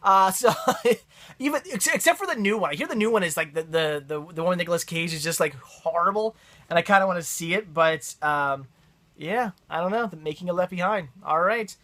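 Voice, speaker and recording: Young male vlogger, bright and eager, rambling unboxing chat full of restarts. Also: high-pitched, fairly quick. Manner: excited, rambling, frequent laughs and restarts.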